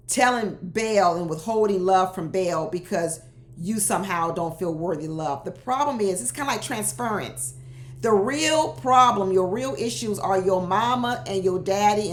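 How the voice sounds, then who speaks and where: Lively woman recapping reality TV. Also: fairly low pitch, reverberant. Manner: animated, laughing, talks straight to cast members. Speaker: reality show recap host. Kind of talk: casual commentary.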